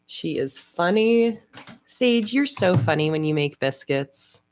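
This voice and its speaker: A woman hosting a casual livestream, chatting in a relaxed way with frequent fillers. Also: on the low side, takes it slowly, slight background noise. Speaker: livestream host. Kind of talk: casual livestream chat while planning.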